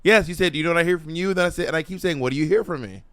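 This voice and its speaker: A man's voice: a little high, very fast, a bit bright, clean tone, no room sound. A man co-hosting a podcast, chatting in a campy, teasing way. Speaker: podcast co-host. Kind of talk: casual chat.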